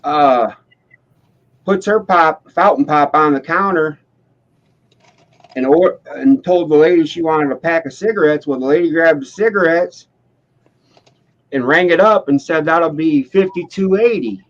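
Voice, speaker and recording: A man in his thirties spins a long, rambling yarn in a deadpan, profane way. His voice sits a little high for a man, and the audio is dull and lo-fi. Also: measured pace, long pauses. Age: 30s. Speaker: storyteller. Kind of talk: casual chat, telling a joke as a true story. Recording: dull lo-fi sound.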